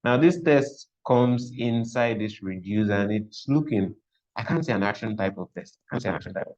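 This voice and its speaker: This coding teacher, voice on the low side and slightly mellow, sounds animated at a moderate pace as he thinks aloud through a live online class, repeating himself often. The recording is dull and lo-fi.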